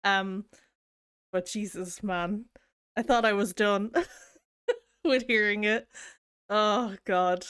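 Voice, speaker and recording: A woman's voice: medium pitch, takes it slowly, long pauses, fairly bright tone, clear, resonant tone, no room sound. A woman streamer chatting casually with viewers, rambling and self-deprecating with plenty of giggles. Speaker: game streamer. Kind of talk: casual chat.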